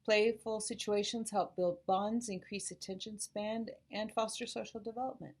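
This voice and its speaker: Casting: woman school psychologist, calm explanatory parent talk. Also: mid-range voice, normal speed. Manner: calm, explanatory, models gentle phrases to say to children.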